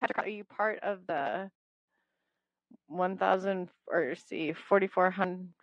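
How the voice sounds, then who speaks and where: A woman's voice: on the low side, takes it slowly, no echo. A woman hosting a radio show, chatting casually and enthusiastically, often stumbling over her words with fillers. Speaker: host. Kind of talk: casual radio interview chat. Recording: dry, dull lo-fi audio.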